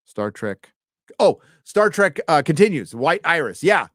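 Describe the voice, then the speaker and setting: A man's voice: fairly high pitch, big pitch swings, unhurried, fairly bright tone, no echo. Male live-stream host, casual and profane, trips over his words; dry close recording. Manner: loose and chatty, swears freely, often stumbles over words. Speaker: host reading donations.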